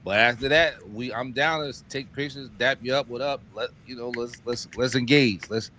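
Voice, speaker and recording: A man co-hosting a casual podcast, relaxed and loose, laughing easily with his friends. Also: medium pitch, moderate pace. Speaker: podcast co-host.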